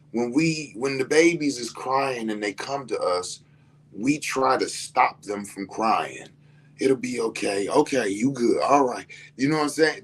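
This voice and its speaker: A man's voice: medium pitch, fairly bright tone. A man telling a personal story to his listeners in a loose, conversational way, often repeating himself and asking if they follow him. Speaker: speaker sharing a personal story. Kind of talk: casual storytelling to an audience.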